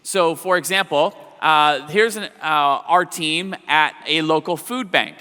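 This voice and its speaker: A man's voice: fairly high pitch, unhurried, bright, forceful tone, smooth. A man guest speaker presenting to an audience in an encouraging way. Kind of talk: presentation talk. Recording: long hall reverb.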